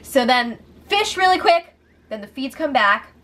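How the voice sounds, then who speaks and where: Gossipy higher-voiced woman recapping. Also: measured pace. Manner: animated, gossipy, swears freely. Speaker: reality show recap vlogger. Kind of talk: casual spoken recap.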